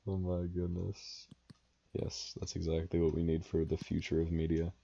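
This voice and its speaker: Gravelly low man on a dull mic. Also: monotone, normal speed, dark tone. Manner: teasing, joking. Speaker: podcast host. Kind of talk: casual chat.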